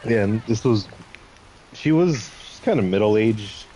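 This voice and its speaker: A man with a very deep, low voice talking casually with a friend. He is relaxed and easygoing, with brief replies and a faint hiss behind him. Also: a little slow, low-quality recording. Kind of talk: casual chat.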